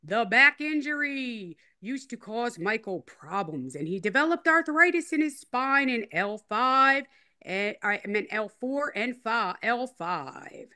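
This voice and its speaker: A woman's voice: a little high, animated, takes it slowly, sharp tone. A woman interview guest in a casual chat, rambling, repeating herself and teasing in a playful way. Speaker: interview guest telling her story.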